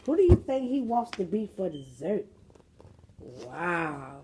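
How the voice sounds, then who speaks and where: A woman reading a storybook aloud for children, expressive and asking the listener questions. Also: on the low side, slow, slight background noise.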